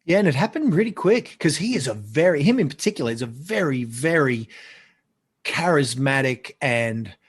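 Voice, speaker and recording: Aussie guy on a podcast, middle-aged, excitable storyteller, voice sits a bit high, trips over his words. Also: moderate pace, breathy edge. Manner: animated, chatty, repeats words when excited. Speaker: podcast guest. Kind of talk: casual storytelling chat.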